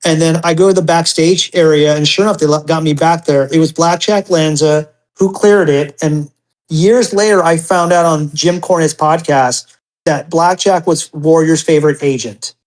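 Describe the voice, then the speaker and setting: A man in his forties chats as a podcast guest, spinning long anecdotes in a relaxed, conversational way. He brings his stories to life by acting out the voices of the people he quotes. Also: fairly high pitch, normal speed, poor audio. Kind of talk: casual podcast storytelling.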